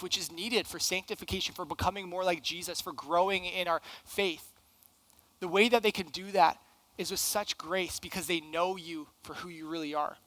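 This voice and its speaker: Male pastor, higher voice, earnest emphatic sermon delivery, dry close sound. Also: a bit bright, dry recording, poor audio. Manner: earnest, emphatic preaching with rhetorical questions. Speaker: young adults pastor.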